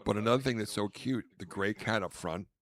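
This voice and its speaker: Rambling deep-voiced man. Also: a little fast, fairly bright tone. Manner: rambling storyteller, name-dropping, acts out quotes. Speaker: podcast host. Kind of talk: casual chat.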